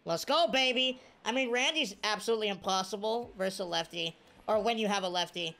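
A woman commentating her own video game play, excitable and cheering on or scolding her players. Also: medium pitch, brisk. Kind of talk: casual gameplay commentary.

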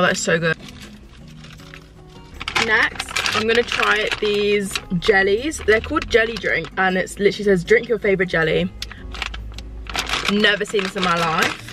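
Woman, lifestyle vlogger type, chatty and excitable, talking from her car at a mid pitch. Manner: chatty and excitable, lots of "like" fillers. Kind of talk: casual vlog chat to camera. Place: inside a parked car.

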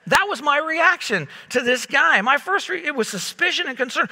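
Pastor, conversational and animated, sharp ringing tone, echoing sanctuary. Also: male voice, extremely high pitch, moderate pace, few pauses. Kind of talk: sermon. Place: church sanctuary.

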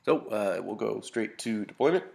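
A man with a somewhat low, gravelly voice walks through a tabletop battle report in a relaxed, casual way. He sounds a little sniffly and stumbles through fillers and restarts, slipping in dry humor as he talks. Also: moderate pace. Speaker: hobby gamer reporting a battle. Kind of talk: casual narrated battle report over photos.

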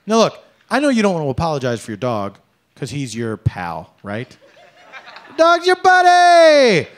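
A middle-aged man performing a stand-up comedy set on a club stage, with an animated, exaggerated, mock-polite delivery. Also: medium pitch, normal speed.

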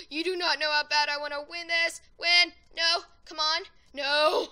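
An excitable woman commentating her own gameplay, with a high voice and a bright, sharp edge. She shouts and gasps at every win and death, then rambles chattily between rounds. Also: moderate pace. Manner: excitable, yelling and gasping at wins and deaths. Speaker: gaming video creator.

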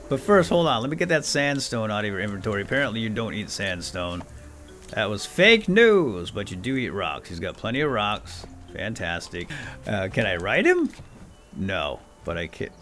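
Guy narrating his game, super animated, goes from mumbling to yelling, bit of game music behind. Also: on the low side, normal speed. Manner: jumps from quiet muttering to loud excited shouts. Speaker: gameplay video host. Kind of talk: excited let's-play commentary.

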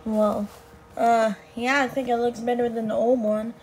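Grumpy animatronic rabbit, played by a woman, hesitant, dark, mellow tone. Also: on the high side, little pitch movement, slight background noise, pitched below the performer's own voice, natural voice, rough recording. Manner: hesitant, halting, defensive.

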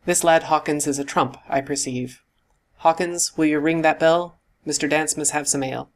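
Blustering middle-aged squire, put on by a male narrator, loud and exclamatory, pitched up. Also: steady tone, normal speed, lightly acted. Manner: booming, exclamatory.

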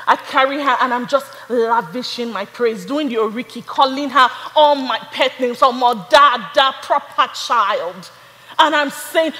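A woman's voice: high-pitched, a little slow, long reverb tail, poor audio. Fervent woman preaching. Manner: fervent, builds to shouted praise. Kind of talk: sermon.

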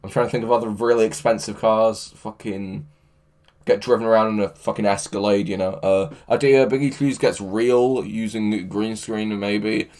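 Excitable man on a livestream. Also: fairly low pitch, normal speed. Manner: excitable, laughing, swears a lot. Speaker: livestreamer reading chat. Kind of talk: casual livestream chat.

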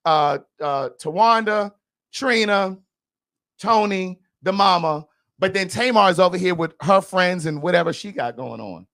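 A man's voice: high voice, animated, a little slow, a bit bright. A man hosting a podcast, giving blunt, sassy, gossipy commentary in a casual chat. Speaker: podcast host.

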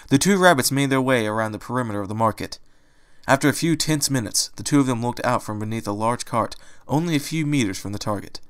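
A man's voice: mid-range voice, smooth. Man narrating a fan audiobook. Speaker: reader.

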